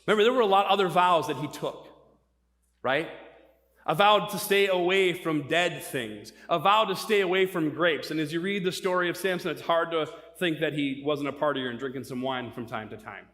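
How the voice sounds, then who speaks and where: A man's voice: a little high, normal speed, a bit bright. A middle-aged man preaching a sermon, telling stories animatedly and asking rhetorical questions. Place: church. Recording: long church hall reverb.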